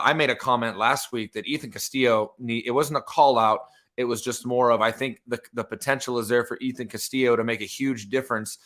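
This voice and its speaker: A man co-hosting a sports podcast talks through the games in an excited, casual way. His voice sits at an ordinary pitch but sounds bright and forceful, with a clear edge on every phrase. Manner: excited game-by-game breakdown. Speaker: podcast co-host.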